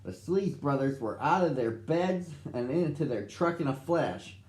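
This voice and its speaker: Brief: animated man reading to children, roomy echo. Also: fairly high pitch, measured pace, slight background noise. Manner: expressive, addressing children. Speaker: storyteller for children. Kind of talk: storybook reading.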